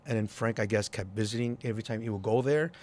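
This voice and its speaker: A man's voice: fairly low pitch, quick pace, a little hiss or hum. A man, a club promoter and DJ, telling stories in a casual interview and acting out quoted voices. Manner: animated, acts out quoted voices.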